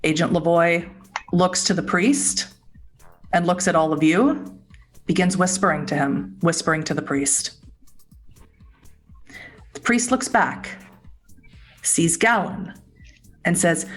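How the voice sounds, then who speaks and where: Low-voiced woman game master. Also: lively intonation, slow pace, long pauses, faint music behind, rough recording. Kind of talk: narrating a tabletop game.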